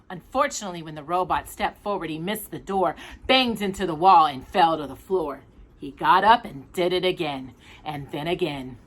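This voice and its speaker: A woman reading a picture book aloud as a storyteller, with an expressive, animated delivery. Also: lowish voice, normal speed.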